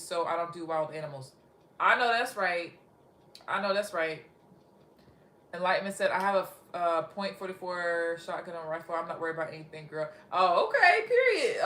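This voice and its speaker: A woman's voice: on the low side, a bit bright, reverberant. A young woman from Texas casually chatting on a livestream, reading viewer comments aloud and often giggling. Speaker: livestream host.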